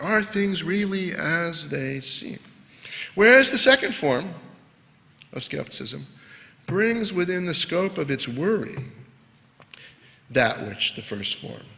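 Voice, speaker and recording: A man giving an academic philosophy lecture, measured and leaning hard on key words. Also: mid-range voice, creaky, bright, forceful tone. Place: lecture hall. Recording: lecture hall with long reverb.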